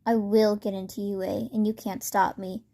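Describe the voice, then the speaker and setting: A woman voicing a calm, determined teenage boy who speaks quietly and flatly. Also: mid-range voice, moderate pace, gravelly.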